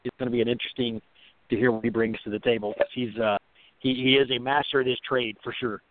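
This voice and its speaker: A man speaking as a guest in a casual phone interview, halting and repeating words, teasing and laughing often. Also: medium pitch, fairly even intonation, no room sound. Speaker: guest, conference organizer. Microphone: telephone. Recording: tinny dry phone line.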